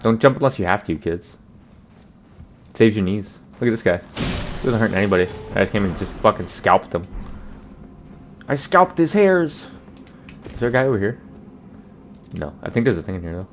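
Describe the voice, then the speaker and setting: A man's voice: on the low side, fast, pauses often, a little hiss or hum. A man hosting a let's play, joking and swearing in casual gameplay commentary. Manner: profane, joking, laughs often.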